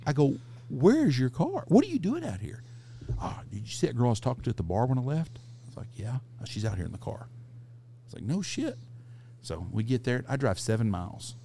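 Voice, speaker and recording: Gravelly, animated storytelling man. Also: mid-range voice, a little fast, a little hiss or hum. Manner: profane, animated anecdote-telling. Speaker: podcast host. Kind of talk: casual storytelling.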